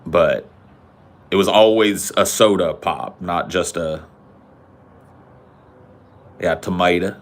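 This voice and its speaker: A man's voice: sits low, slow, long pauses. A man from the United States co-hosting a podcast, trading casual banter and ranting in a profane, teasing way. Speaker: podcast co-host.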